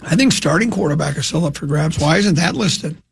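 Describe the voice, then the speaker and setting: A man hosting sports talk radio, rambling and opinionated, with frequent halting restarts. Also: on the high side, creaky, background noise.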